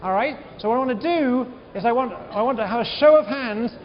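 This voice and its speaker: Male lecturer, high lively voice, echoey lo-fi hall recording. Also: fairly quick. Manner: animated, repeats words, questions the class. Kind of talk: university lecture. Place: large lecture hall with balcony. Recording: echoey hall, dull lo-fi sound.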